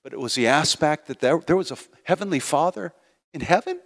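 A man's voice: on the high side, lively intonation, a little fast. An older man preaching a sermon in a church, telling his own story earnestly and building to emphatic appeals. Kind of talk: sermon with personal testimony. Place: church sanctuary. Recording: long hall reverb in a church.

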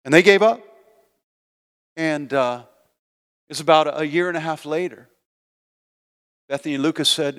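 An older male preacher delivers a heartfelt sermon in a church sanctuary, moving from quiet personal storytelling to loud, emphatic calls to faith. His voice sits at an ordinary middle pitch. The sound carries a long, lingering reverb from the hall. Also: fairly even intonation, normal speed, long pauses, clear, resonant tone. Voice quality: earnest storytelling, swelling to loud emphatic appeals.

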